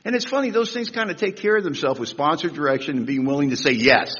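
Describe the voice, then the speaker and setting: Husky older man telling stories in echoey hall. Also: fast. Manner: humorous, animated storytelling with big swings in pitch and loudness. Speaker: recovery meeting speaker. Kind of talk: storytelling talk at a recovery convention. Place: large convention hall. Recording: echoey hall, dull lo-fi sound.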